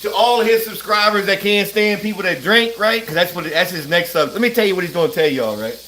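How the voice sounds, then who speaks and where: A man's voice: high-pitched, brisk, bright, forceful tone, slight background noise. A man, chatting loosely on a livestream while cooking, drawling, rambling and laughing often. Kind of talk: casual livestream chat. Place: at home, cooking. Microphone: phone. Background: food frying and sizzling.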